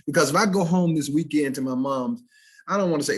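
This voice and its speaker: Husky Southern man teaching diction. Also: fairly high pitch, quick pace. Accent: Southern American. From Southern United States. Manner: animated, switches into dialect examples for contrast. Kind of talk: recorded video-call presentation. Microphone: video call.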